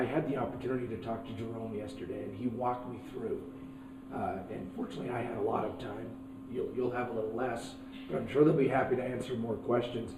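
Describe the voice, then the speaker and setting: A man's voice: medium pitch, noisy background. A man who has lost his voice, moderating a conference fireside chat. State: lost voice, hoarse. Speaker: CEO moderating a panel. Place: conference stage. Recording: distant mic in an echoey hall.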